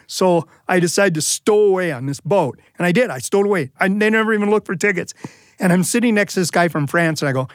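In a live storytelling performance, a man with a high-pitched voice rattles through a comic personal tale at a quick pace. He's lively and funny, performing the quotes in the characters' voices. The recording is dry and clean, with studio sound.

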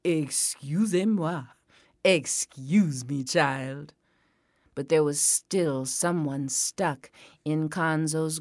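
Playful slow-telling woman storyteller. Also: deep voice, no echo, clean studio sound. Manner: playful, repeats words for rhythm, acts out sounds. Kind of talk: animated folk tale telling for families.

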